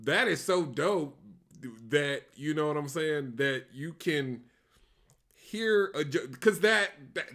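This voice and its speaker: Man co-host, casual chat, excitable, bright tense tone, slow drawn-out delivery. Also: fairly high pitch. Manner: excitable, interjecting, stammering restarts.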